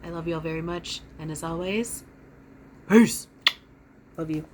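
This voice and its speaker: A woman's voice: deep voice, measured pace, very noisy. A woman in trance channeling a loving male spirit who speaks bluntly and encouragingly. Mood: reassuring. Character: deep-voiced male spirit, loving, reassuring.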